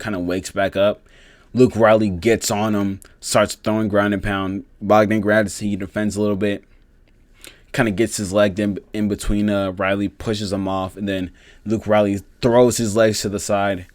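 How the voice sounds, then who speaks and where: A man with a low-pitched voice talks through fight results in a loose, rambling way. He swears constantly and fills pauses with "um" and "you know". The sound is dry and close. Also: no room sound. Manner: rambling, heavy swearing, many fillers. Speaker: MMA fight reviewer. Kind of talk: casual reaction commentary.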